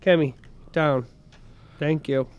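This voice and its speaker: A man with a fairly high, smooth, clear voice, chatting as a guest on a studio podcast. He talks in a laid-back, rambling way, drifting and trailing off before he finishes a thought. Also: fairly even intonation, takes it slowly. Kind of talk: casual chat.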